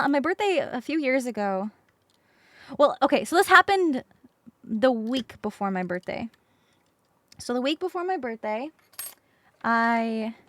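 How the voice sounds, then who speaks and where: A woman streamer telling a story in casual chat, expressive, swearing casually and acting out the people she quotes. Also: a little high. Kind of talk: casual storytelling while crafting.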